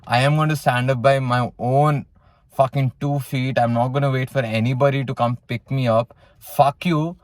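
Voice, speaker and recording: A man's voice: mid-range voice, steady tone, normal speed, no echo. A young man from South India casually telling a personal story in a blunt way, full of swearing and "you know". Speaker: vlogger telling his story.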